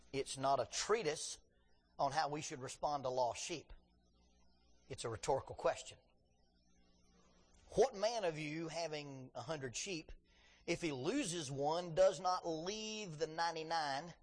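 A man's voice: on the high side, husky, in a large hall. A man preaching a sermon in a conversational way with joking asides, reading scripture with drama. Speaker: pastor.

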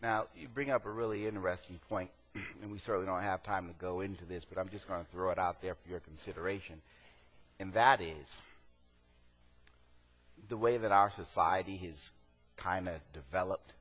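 A man with a lowish voice preaches from the pulpit of a church sanctuary. His delivery moves between easygoing talk and strong emphatic swells. A long reverb of the hall trails each phrase. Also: normal speed, fairly bright tone. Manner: conversational preaching, rising to emphatic peaks. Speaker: pastor. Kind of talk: sermon.

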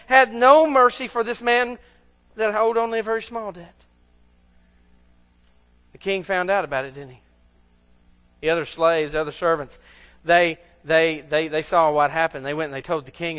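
High, bright-voiced man preaching. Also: in a large hall. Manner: conversational, asks rhetorical questions. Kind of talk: sermon.

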